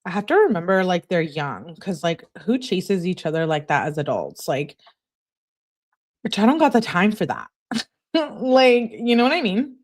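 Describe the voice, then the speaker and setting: A woman's voice: lowish voice, sing-song, moderate pace. Blunt chatty woman streamer. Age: adult. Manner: blunt, chatty, talks to the chat. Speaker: true-crime commentary streamer. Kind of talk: casual live commentary, reading messages aloud.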